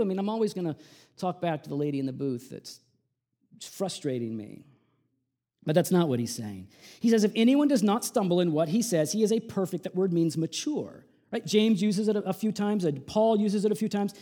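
Conversational male preacher, quiet to emphatic. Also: on the high side, very animated, normal speed. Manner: conversational preaching with many asides and rhetorical "right?"; swings from hushed asides to loud emphatic peaks. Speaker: pastor. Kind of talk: sermon.

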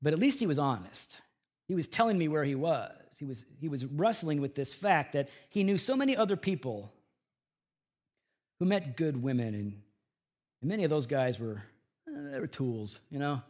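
A man in middle age delivers a sermon from a church pulpit. His voice sits a little high for a man, and he moves between soft, earnest passages and forceful, emphatic climaxes. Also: lively intonation, normal speed. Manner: swings from hushed earnest tones to loud emphatic bursts. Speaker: pastor.

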